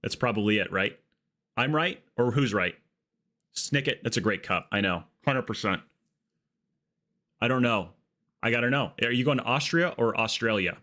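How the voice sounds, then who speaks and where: A man live-streaming a game, talking to his chat in an excitable, jokey way. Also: mid-range voice, normal speed, pauses often. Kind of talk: casual live-stream commentary.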